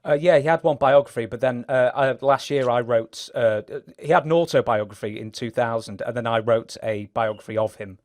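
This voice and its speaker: A man's voice: medium pitch, fairly quick, hardly any pauses, darkish tone, dry recording, clean studio sound. A man interviewing a guest, asking long questions with hesitant fillers. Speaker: interviewer and author.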